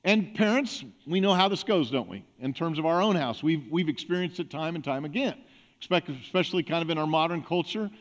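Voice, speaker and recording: A man's voice: fairly high pitch, lively intonation, a little fast. A man pastor preaching a conversational sermon, acting out little everyday examples. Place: church sanctuary.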